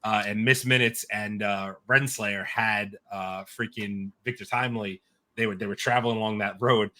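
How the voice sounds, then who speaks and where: Podcast guy, bright forceful voice, swears a lot, animated retelling. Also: lowish voice, normal speed. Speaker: podcast co-host. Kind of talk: casual chat.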